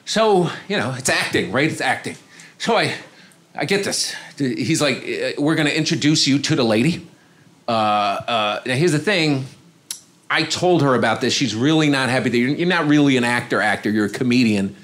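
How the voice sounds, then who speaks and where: Male comic on a club stage, talky and loose, drops his voice low for other people's lines. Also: expressive, moderate pace, a bit bright. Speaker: stand-up comedian. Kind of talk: stand-up storytelling. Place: comedy club stage with audience.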